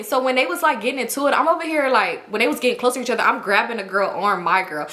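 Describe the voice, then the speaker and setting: A young woman relating a personal story in loose, slangy talk full of cussing and fillers. Her voice sits a bit high and rings bright and sharp. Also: quick pace, few pauses. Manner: animated, slangy and profane, lots of fillers. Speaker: storytime YouTuber. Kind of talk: casual storytime.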